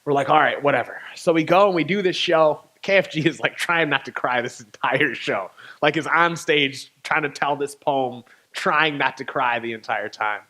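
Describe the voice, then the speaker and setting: A man, a poet, telling a candid personal story in a spoken talk, animated and laughing now and then between lines. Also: a little high, normal speed, hardly any pauses. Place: church venue.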